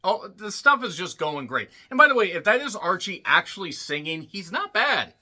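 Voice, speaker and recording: Bright-voiced man recapping a movie. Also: high voice, very animated, normal speed. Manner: rambling, frequent throat clearing and fillers; blunt, swears casually. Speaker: movie reviewer. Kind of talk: casual spoken movie recap.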